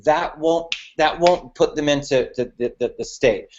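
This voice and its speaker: A man's voice: a little high, a little slow, darkish tone, lo-fi sound, slight background noise. A man teaching business networking, emphatic, checking in with the audience after nearly every point. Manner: emphatic, repeats "okay" and "right" to the audience. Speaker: business mentor. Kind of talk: coaching webinar talk.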